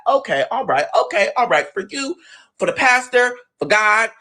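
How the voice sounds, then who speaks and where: A man telling a personal story in an expressive, profane, dramatic way. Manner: expressive, profane, dramatic, quick swings of pitch. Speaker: storyteller, show guest.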